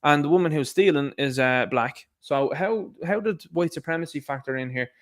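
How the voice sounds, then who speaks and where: A man's voice: a little high, normal speed. A man with an Irish accent hosting a casual commentary show, sarcastic and rambling with many asides.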